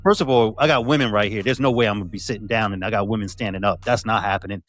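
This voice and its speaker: A man hosting a podcast interview, chatting casually and acting out stories with lively energy. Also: racing. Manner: animated storyteller, acts out quotes with big pitch jumps. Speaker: podcast host.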